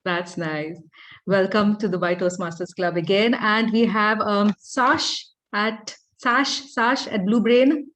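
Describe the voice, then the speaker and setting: A woman's voice: medium pitch, fairly even intonation, takes it slowly, fairly bright tone. A woman hosting an online club meeting over a video call, chatty and welcoming as she greets people. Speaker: meeting host.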